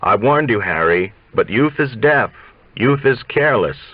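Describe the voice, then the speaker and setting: A man reading aloud, voicing a frail old male coach who lectures slowly in a sly, scolding schoolteacher tone. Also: mid-range voice, animated, no room sound, muffled recording. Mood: solemn.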